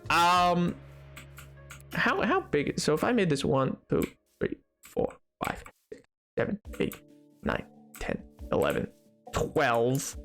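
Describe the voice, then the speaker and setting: High-voiced man rambling on a stream. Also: huge pitch swings, takes it slowly, gravelly, pauses often, fairly bright tone, soft background music. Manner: rambling and jokey, trips over his own words. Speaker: game streamer. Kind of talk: casual live-stream chat.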